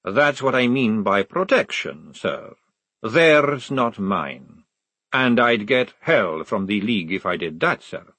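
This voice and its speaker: A man voicing a calm, polite young male recruit who speaks patiently. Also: breathy edge, no echo, heavily acted. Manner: patient, courteous, high and measured.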